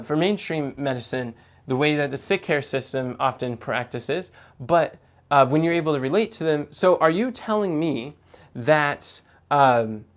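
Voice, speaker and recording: A man teaching sales technique in a live coaching talk. He stumbles and repeats words, and he acts out client dialogue. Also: fairly high pitch.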